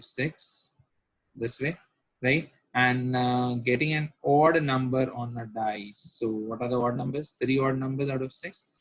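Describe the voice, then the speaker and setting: A husky-voiced man talks through a math lesson, repeating points and checking that listeners understand. The sound is dry and close, with little room. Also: medium pitch, no echo, rough recording. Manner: repetitive, checks understanding with rhetorical questions. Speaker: math teacher. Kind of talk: recorded lecture at a whiteboard.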